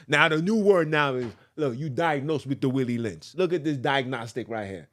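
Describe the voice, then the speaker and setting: A man hosting a podcast, ranting and joking, looping back over the same phrases. His fairly high voice jumps all over the place, as he mixes comment with reading a letter aloud. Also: brisk, few pauses. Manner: animated, ranting, repeats phrases, jokes. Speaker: podcast host.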